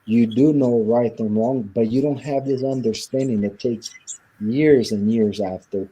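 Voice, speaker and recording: He is an interview guest with a medium-pitched, slightly rough voice, dark in tone, speaking unhurriedly with fairly even intonation. The recording is muffled. His storytelling is earnest and reflective, and he acts out the voices of the people in his personal tale.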